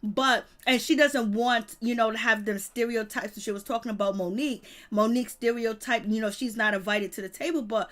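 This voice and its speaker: A woman with a high, bright voice co-hosts a gossipy recap chat. She speaks bluntly and emphatically and laughs easily. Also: steady tone, a little fast, hardly any pauses. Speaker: co-host.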